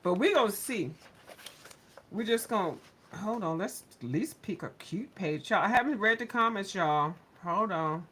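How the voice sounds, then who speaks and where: A woman hosting a coloring channel, chatting casually and sassily, cussing with animated outbursts. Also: medium pitch, normal speed, a little hiss or hum. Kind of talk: casual chat to viewers.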